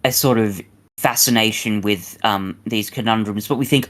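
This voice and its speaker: A man's voice: on the low side, fairly bright tone. Thoughtful man, podcast host. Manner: measured, thoughtful, hedging. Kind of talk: casual podcast chat.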